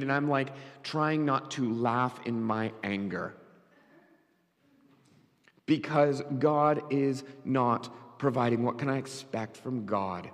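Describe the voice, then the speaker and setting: Preaching man in a reverberant church. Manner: storytelling, swings between loud emphatic lines and quick low asides. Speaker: pastor. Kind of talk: sermon. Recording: church hall with long reverb.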